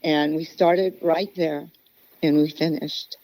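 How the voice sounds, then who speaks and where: A woman's voice: sits low, steady tone, takes it slowly, dark tone, dry recording. A middle-aged woman, a podcast guest, telling a personal story earnestly and with feeling. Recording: dull, lo-fi podcast audio.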